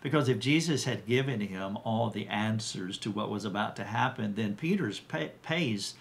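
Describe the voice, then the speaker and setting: A man giving an earnest Bible teaching, quoting scripture with emphasis and pausing to restart his sentences. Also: medium pitch.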